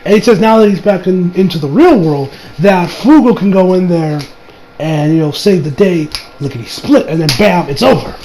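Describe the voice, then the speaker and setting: A man recapping an anime episode in casual, rambling talk, full of laughs and swearing. His voice sits high and has a gravelly rasp. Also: expressive, normal speed, a little mellow, a little hiss or hum, low-quality recording. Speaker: anime reviewer.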